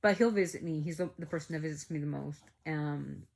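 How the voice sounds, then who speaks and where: Brief: woman vlogger with a low voice, chatty animated storyteller, lots of fillers. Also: brisk, vocal fry. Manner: animated, acts out quoted dialogue, many "like" fillers. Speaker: family vlogger telling a story. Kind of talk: casual storytelling to viewers.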